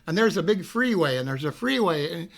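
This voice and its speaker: A middle-aged man rambling through a casual anecdote, often adding "you know what I mean" and loudly acting out what people said. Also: a little high, animated, brisk. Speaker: storyteller.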